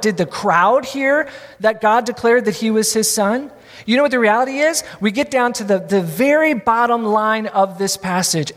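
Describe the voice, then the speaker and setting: A man's voice: high-pitched, a bit bright, in a large hall. A man preaching a sermon as a pastor, conversational and repeating key lines for emphasis.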